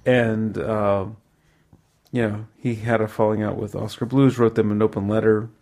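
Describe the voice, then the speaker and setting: A man's voice: fairly low pitch, little pitch movement, moderate pace, a little mellow. A man hosting a podcast in casual chat, rambling and correcting himself, with easy laughs. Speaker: podcast host.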